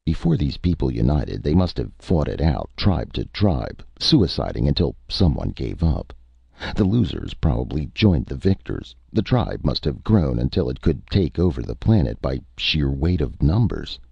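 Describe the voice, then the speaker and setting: A man reads a science fiction story aloud with a very deep, dark, gravelly voice. His pitch moves in a lively way across each sentence. The recording is dry and slightly muffled. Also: normal speed, dry recording. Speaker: narrator. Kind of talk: audiobook story reading.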